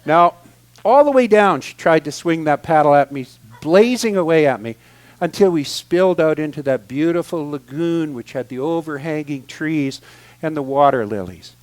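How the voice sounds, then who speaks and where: A man giving a guest talk at a spiritual center, telling a humorous personal story in an animated, expressive way, moving from loud excitement to quiet asides. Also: fairly high pitch, moderate pace. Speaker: guest speaker.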